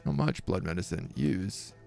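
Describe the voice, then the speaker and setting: A man's voice: sits low, very animated, normal speed, gravelly, darkish tone, soft background music. A man streaming a video game, reading the on-screen text aloud and breaking off with jokey asides. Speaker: gaming streamer. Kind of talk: let's-play commentary.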